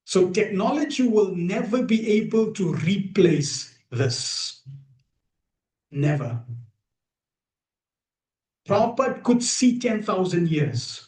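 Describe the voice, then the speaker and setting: A man giving an emphatic devotional talk to a gathered group, pausing often and asking rhetorical questions, streamed live. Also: high-pitched, animated, a little mellow. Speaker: spiritual teacher. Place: room with a gathered audience. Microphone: streamed live over video call. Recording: echoey room.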